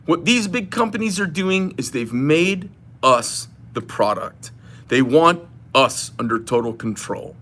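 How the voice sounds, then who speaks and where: Man, higher pitch and bright edge, ranting and retelling a phone call, fired up. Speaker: knife shop owner. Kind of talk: political rant to camera.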